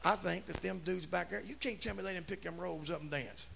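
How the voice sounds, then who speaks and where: A man preaching a Pentecostal revival sermon, shouting in rising bursts. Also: sits high, a little fast, vocal fry, noisy background. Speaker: pastor.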